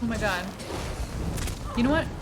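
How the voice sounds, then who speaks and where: An American woman streaming a game, chatting casually and excitably with viewers and laughing often. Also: a little high, normal speed. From United States. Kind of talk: casual live-stream chat while gaming. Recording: game music behind the voice.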